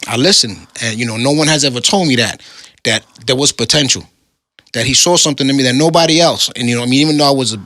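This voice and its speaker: A man's voice: medium pitch, bright, forceful tone, no echo, clean studio sound. A middle-aged man, telling the story of his time in prison in casual street slang. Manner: street slang, laid-back storytelling, rapid.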